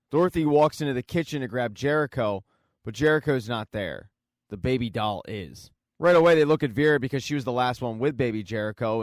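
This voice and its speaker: A man's voice: medium pitch, dry recording. Man narrating a TV recap, dry. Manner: wry, dry asides. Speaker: TV recap host.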